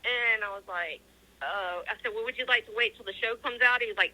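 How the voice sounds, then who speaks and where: A woman with a very bright, sharp voice answers interview questions. She tells her story earnestly, with many ums, and acts out the quoted back-and-forth of a conversation. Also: a little high, brisk, poor audio. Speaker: interview guest.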